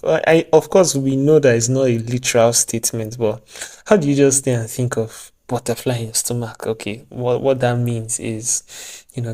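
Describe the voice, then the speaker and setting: Chatty man with a mellow voice. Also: mid-range voice. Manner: chatty, joking asides, laughs at himself. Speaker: vlogger. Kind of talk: casual advice vlog.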